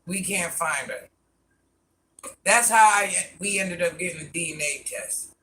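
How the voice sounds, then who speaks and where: A man's voice: high-pitched, a little slow, sharp tone, slight background noise. A man rambling through a casual live stream, answering viewer comments and talking to people off camera in a folksy way.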